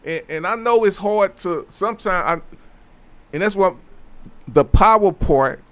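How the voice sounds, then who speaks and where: A man hosting a casual talk show, explaining a civics question slowly and with emphasis, repeating key phrases and adding conversational asides. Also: high voice, lively intonation, a bit bright. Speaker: host.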